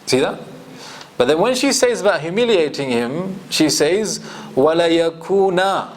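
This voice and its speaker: Lively man teaching a class. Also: on the high side, normal speed. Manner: explanatory, asks the class questions. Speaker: Quran teacher. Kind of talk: classroom tafsir lecture. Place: classroom with students.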